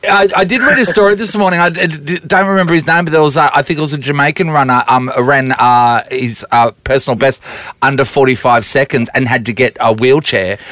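A man hosting a radio show, chatting in a relaxed way and telling stories. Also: medium pitch, a little fast, no echo. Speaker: radio host. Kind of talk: casual radio chat.

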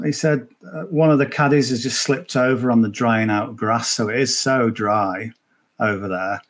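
On a casual podcast, a man with a medium-pitched voice chats loosely about his golf betting picks. He wanders off track and keeps looping back to earlier points.

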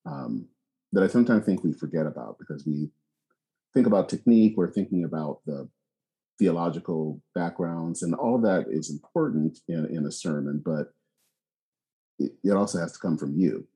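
A man hosting a podcast, talking in a reflective, measured, casual way. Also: sits low, warm tone, slightly rough. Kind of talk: casual conversation.

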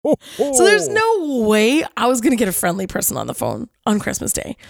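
A woman in her forties, a podcast host, telling a personal story in a playful, animated scripted narration. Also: fairly high pitch, moderate pace, vocal fry, no room sound. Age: 40s.

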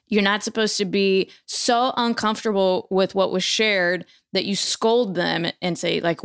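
A woman's voice: mid-range voice, steady tone, measured pace, vocal fry, a bit bright, smooth. Woman host, chatty and laughing, mid-range voice, casual delivery. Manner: chatty, laughs easily, reads points out in a list. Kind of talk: casual podcast conversation.

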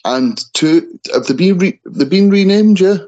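A man's voice: sits high, lively intonation, moderate pace, dark tone, highs cut off. A man hosting a casual wrestling chat podcast, tripping and restarting over names. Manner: stumbles and repeats words on names. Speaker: podcast host.

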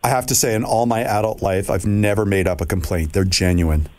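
A man's voice: on the low side, steady tone, a little fast, a little mellow. A man hosting a talk show, interviewing a guest in casual banter with a jokey, self-mocking manner. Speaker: radio show host.

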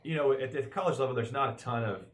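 A man's voice: mid-range voice, fast talker. A man co-hosting a podcast, a former player who talks in a laid-back way, mostly with short agreeing replies. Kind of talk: casual podcast chat.

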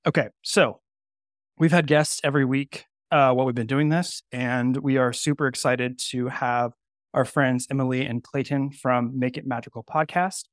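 A man's voice: mid-range voice, steady tone, normal speed, dry recording, studio quality. A man co-hosting a podcast in casual chat, eager and rambling with lots of fillers. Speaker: podcast co-host.

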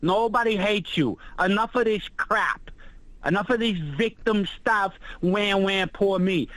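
A man's voice: high voice, a little slow, fairly bright tone, no echo, poor audio. A man calling in to a talk show, ranting bluntly in crude language. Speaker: caller. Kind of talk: phone-in rant.

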